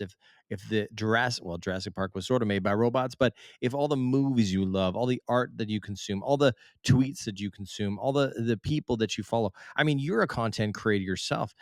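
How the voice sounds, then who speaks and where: A man's voice: mid-range voice, no room sound, clean studio sound. A man co-hosting a podcast, arguing his side in a casual debate and firing off rhetorical questions. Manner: argumentative, fires off rhetorical questions. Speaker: podcast co-host.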